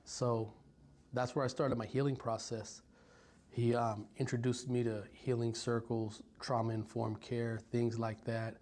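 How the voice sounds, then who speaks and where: A man in his forties from Stockton, California, telling his life story in an interview, reflective and halting with many pauses and ums. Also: medium pitch, flat delivery, a little mellow. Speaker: violence prevention worker. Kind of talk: personal story told in an interview.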